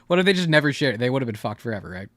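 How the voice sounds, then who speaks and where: A man's voice: mid-range voice, a bit bright. A male streamer chatting casually while he reacts, rambling with lots of "like," swearing and laughing.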